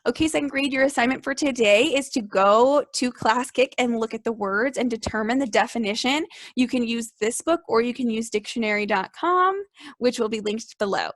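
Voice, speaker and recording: A young woman teaches second graders in a recorded remote class lesson, sounding clear, upbeat and encouraging at a moderate pace. Her voice sits a little high. The sound is close and dry, with no room or echo around it.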